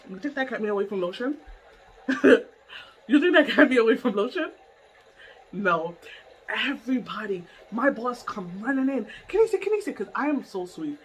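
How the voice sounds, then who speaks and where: A woman telling a story in a casual vlog from her bedroom. She is animated, laughs often and swears freely. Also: on the high side, normal speed, long pauses, poor audio.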